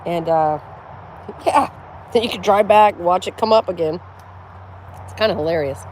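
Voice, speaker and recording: A woman's voice: on the low side, normal speed, darkish tone, a little hiss or hum. A middle-aged woman from the United States vlogging outdoors at home, telling a story casually, laughing often and swearing freely. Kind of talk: casual storytelling chat to camera.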